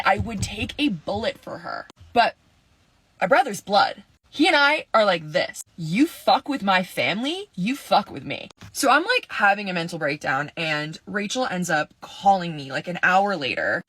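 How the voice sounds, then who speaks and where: A young woman in her twenties spins a dramatic, profane storytime from a parked car. Her voice is bright and forward, with the middle pitch of a woman. The sound is close and dry. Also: slightly rough, dry recording. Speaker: vlogger. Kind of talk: storytime vlog.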